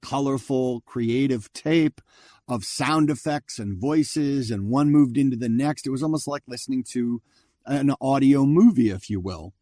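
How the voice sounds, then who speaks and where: A man's voice: medium pitch, unhurried, warm tone, dry recording, studio quality. A man in his fifties, a voice actor guest, telling stories in a casual chat and acting out other people's lines as he goes. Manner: chatty, acts out others' lines as he recounts. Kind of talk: casual storytelling interview.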